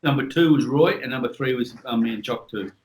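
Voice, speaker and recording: An Australian man telling a story in a casual chat, animated and acting out the people in his stories. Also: mid-range voice, a little fast. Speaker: guest, former boxer.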